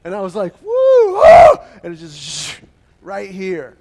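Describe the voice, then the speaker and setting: Brief: male pastor, high-pitched, animated storytelling sermon with acted-out voices. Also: a little slow, vocal fry.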